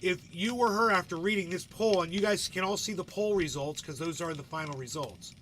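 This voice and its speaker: A man's voice: high voice, a little fast, a bit bright, a little hiss or hum. Rambling, profane man hosting a livestream. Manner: rambling, profane, keeps asking "right?". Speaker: livestream host. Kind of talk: casual live commentary.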